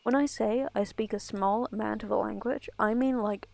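A woman's voice: mid-range voice, steady tone, moderate pace, vocal fry, warm tone. A woman from Ireland streaming a game, chatting casually in a rambling way full of asides. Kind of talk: casual chat while gaming.

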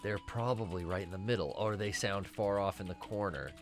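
Male streamer, lower register, relaxed, profane, mutters mid-play, light music bed. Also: fairly quick. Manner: laid-back, swears often, mutters to himself while playing. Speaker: stream co-host playing a video game. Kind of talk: casual gaming stream chat.

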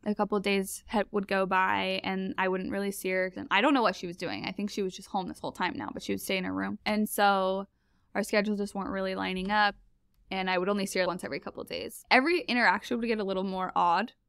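Chatty woman with a creaky voice. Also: mid-range voice, fast talker, dry recording, studio quality. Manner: animated, chatty, laughs often. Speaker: podcast guest. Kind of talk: casual storytelling.

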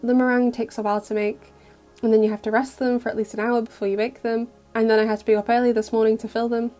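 A woman's voice: a little high, little pitch movement, quick pace, dark tone, soft background music, close to an everyday voice. A woman reading as a caring, flustered teenage girl.

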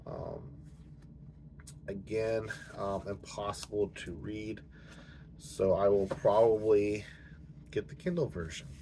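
A man with a lowish voice chats casually about books, rambling and restarting his sentences with plenty of fillers. He has the hiccups. A faint hum of room ambience sits behind him. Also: very animated, slow pace, creaky, pauses often, mellow. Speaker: book channel host. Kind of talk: casual chat to camera.

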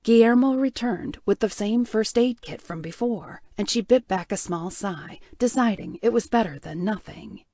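Measured woman narrating an audiobook, dry. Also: medium pitch, no echo. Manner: even, measured storytelling. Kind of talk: scripted narration.

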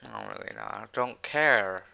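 A man commentating his own match, swearing and swinging from low muttering to shouted taunts. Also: huge pitch swings, normal speed, creaky, smooth. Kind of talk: raging gameplay commentary.

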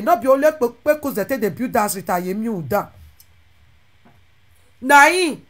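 A woman speaking with a Nigerian Pidgin accent, ranting animatedly to her followers and swinging between loud outbursts and quieter asides. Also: on the high side, expressive, moderate pace, long pauses. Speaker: social media content creator. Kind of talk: impassioned monologue to followers.

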